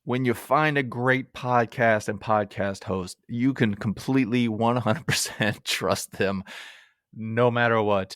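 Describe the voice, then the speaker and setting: A man reviewing a film on his podcast, casual and wry, poking fun at himself as he goes. His voice is smooth and clear, with a dry close-mic sound and no room around it. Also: medium pitch, a bit bright, no echo. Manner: wry, self-mocking humor with chuckles. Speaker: podcast host. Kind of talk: casual movie review monologue.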